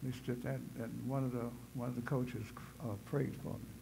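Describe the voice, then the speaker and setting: A man's voice: medium pitch, level tone, normal speed, gravelly, noisy background. A man preaching a sermon in a church. He tells his story conversationally and builds to fervent, emphatic preaching. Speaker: pastor. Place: church sanctuary.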